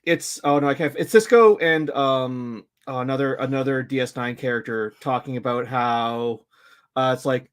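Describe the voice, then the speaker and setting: Halting chatty man. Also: medium pitch, clear, resonant tone. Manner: halting, many restarts and fillers. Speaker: podcast co-host. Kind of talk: casual chat.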